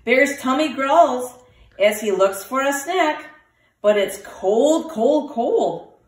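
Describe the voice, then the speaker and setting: A woman teacher reading a picture book aloud to children, with lively voices for the animals. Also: high voice, takes it slowly, far from the mic. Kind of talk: storybook read-aloud for children. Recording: roomy, from the mic.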